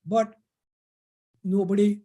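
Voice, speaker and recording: Storyteller, folk tale for kids, halting, restarts, middle pitch. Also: level tone, mellow. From India. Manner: halting, many pauses and restarts. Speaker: storyteller at a youth camp. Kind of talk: telling a folk tale to children.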